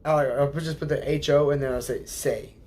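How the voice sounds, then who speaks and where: A man's voice: fairly high pitch, flat delivery, fast, a little mellow, slight background noise. A man hosting a casual livestream, rambling and hesitant, laughing often as he sounds out viewers' names. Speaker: livestream host.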